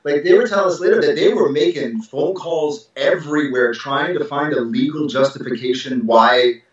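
A middle-aged man tells a story in a lively, emphatic way, full of restarts and asides. His voice sits a little high, and it rings in a very echoey room. The sound is muffled and lo-fi. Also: normal speed, distant mic. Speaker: husband telling their story. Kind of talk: casual conversational storytelling.

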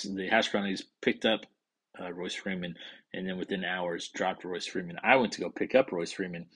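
Husky low-voiced man rambling about fantasy football. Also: fairly bright tone. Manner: rambling, wisecracking, swears under his breath. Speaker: fantasy football league podcast host. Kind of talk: casual solo sports chat.

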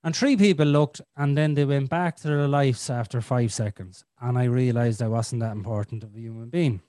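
An Irish man hosting a podcast, telling a personal story in a flamboyant, expressive way. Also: medium pitch, moderate pace, no echo, clean studio sound. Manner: flamboyant, expressive storyteller who swears freely. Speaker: podcast host. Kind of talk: casual storytelling chat.

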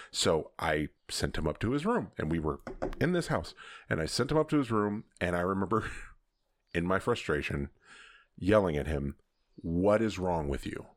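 A man hosting a podcast, telling a candid personal story in a casual conversation, often laughing as he talks. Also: low voice. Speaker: podcast host.

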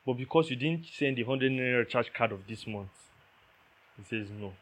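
A man's voice: mid-range voice, moderate pace. A man preaching a sermon, emphatic, repeating key phrases and checking that listeners understand.

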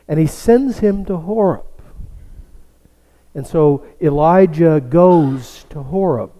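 A man preaching with a slow, storytelling delivery and a fairly high voice that has a mellow, dark tone. He sometimes drops to a near hush for emphasis. A long reverb from the church sanctuary trails each phrase. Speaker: pastor. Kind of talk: sermon.

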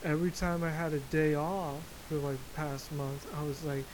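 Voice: medium pitch, fairly even intonation, normal speed, noisy background. A podcast host delivering a solo comedic rant, profane and exaggerated, full of jokey asides. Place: lives in Florida.

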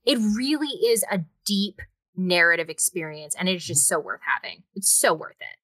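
A woman's voice: on the low side, expressive, normal speed, sharp tone, no echo. A woman co-hosting a casual podcast about video games, talking with enthusiastic, gushing hype over a remote call. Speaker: co-host and game streamer. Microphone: remote call over Discord.

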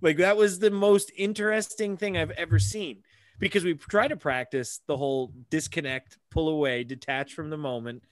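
A man hosting a casual podcast, a father who tells animated stories and swears freely. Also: fairly high pitch, moderate pace, no echo. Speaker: podcast host.

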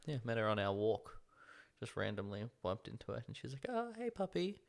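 A man's voice: on the low side, fairly even intonation, brisk, creaky. A young Australian man co-hosting a podcast, chatting casually in a rambling, hesitant way with lots of fillers. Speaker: podcast co-host. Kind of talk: casual chat.

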